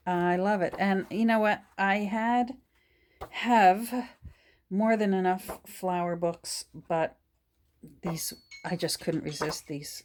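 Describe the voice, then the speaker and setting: A woman's voice: fairly low pitch, takes it slowly, a little mellow, slight background noise. A middle-aged woman chatting casually while she works, showing a book haul to her phone, restarting her sentences as she goes. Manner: drops to a whisper while showing pages. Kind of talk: casual chat while working.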